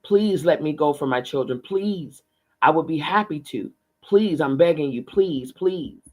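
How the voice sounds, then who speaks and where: A man's voice: a little high, animated, unhurried, darkish tone. A man reading aloud, voicing a grieving middle-aged father who pleads with raw emotion. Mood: pleading. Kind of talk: audiobook reading.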